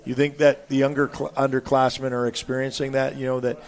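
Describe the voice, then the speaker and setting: Gravelly-voiced sports show host. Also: male voice, mid-range voice, flat delivery, fairly quick. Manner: chatty, asks players questions, trails off. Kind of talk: casual interview. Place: restaurant in a mall.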